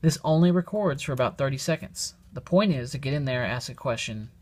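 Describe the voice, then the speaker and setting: A man's voice: mid-range voice, expressive, a little fast, a little mellow. A man giving a casual how-to demonstration, explaining each step plainly and thinking aloud. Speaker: product demonstrator. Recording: very noisy home recording.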